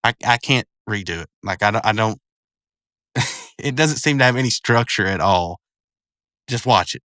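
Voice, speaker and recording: Bright-voiced man rambling through episode commentary. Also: lowish voice, normal speed, dry recording, clean studio sound. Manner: rambling, many fillers and restarts. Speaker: video commentator.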